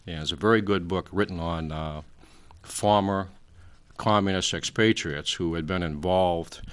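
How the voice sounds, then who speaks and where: Older guy in his 60s, really deep voice, rambling lecture on a talk show, lots of uhs. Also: unhurried, clean tone. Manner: frequent fillers, trailing off. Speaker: guest.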